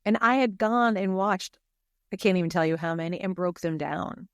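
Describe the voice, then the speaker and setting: A woman speaking as a podcast guest in casual conversation, openly emotional and expressive, talking in quick bursts. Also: on the low side, dry recording, clean studio sound.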